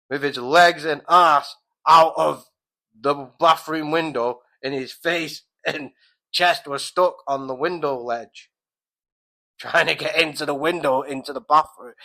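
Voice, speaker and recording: This podcast host's voice is a little high, bright, and forceful, caught in a rough recording. He's at home near a window on a street, telling a rambling story packed with swearing, fillers, and restarts in a casual monologue.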